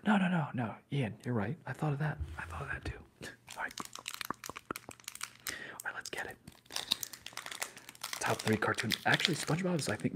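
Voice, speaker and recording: This young man, an ASMR streamer with a mid-range voice, whispers his way through opening trading card packs on a livestream. He's excitable and heavy on slang, with periodic loud hype.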